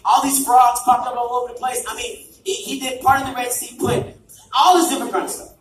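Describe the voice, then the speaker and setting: A man preaching in an energetic storytelling way to a young crowd, restarting phrases and shouting for emphasis. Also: very high-pitched, fast. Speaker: church youth preacher. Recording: echoey hall, distant mic, background noise.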